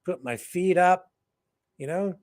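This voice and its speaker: A man's voice: high-pitched, takes it slowly, darkish tone, dry recording. A man hosting a casual chat, easygoing, with a dry sense of humor. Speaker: host.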